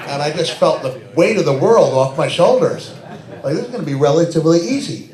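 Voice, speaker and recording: A middle-aged man telling animated, self-mocking stories as a guest at a fan Q&A event, laughing often. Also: a little high, brisk, heavy background noise. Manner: animated, laughs often, many restarts and fillers. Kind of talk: anecdotal storytelling. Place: event hall with audience. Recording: echoey event hall.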